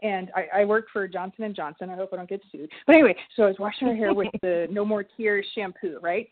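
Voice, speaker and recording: A woman's voice: mid-range voice, quick pace. A middle-aged woman, a holistic health coach, telling stories animatedly in a casual interview and acting out the voices she quotes. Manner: lively, animated storyteller, acts out quoted voices. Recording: tinny phone-like line.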